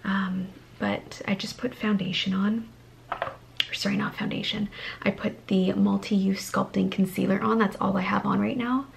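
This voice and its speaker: A tired young woman vlogs from home, talking softly in a half-whisper with a gravelly edge of fry. When she turns to her babies, she coos in a high, sing-song baby voice. Faint noise sits under her voice. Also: level tone, normal speed. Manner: soft half-whisper to camera. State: sleep-deprived. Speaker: vlogger. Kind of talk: casual vlog.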